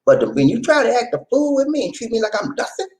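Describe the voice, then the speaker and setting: A middle-aged man hosting his vlog at home, telling stories in a folksy, animated way and talking straight to his viewers. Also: very high-pitched, fast talker, low-quality recording. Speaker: vlog host. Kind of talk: casual storytelling chat to camera. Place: home in the Philippines.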